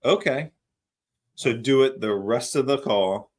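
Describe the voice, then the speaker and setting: A man's voice: mid-range voice, unhurried, darkish tone. A middle-aged man, a paramedic co-hosting a podcast, telling a story in a laid-back, casual way and swearing freely. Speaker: podcast co-host.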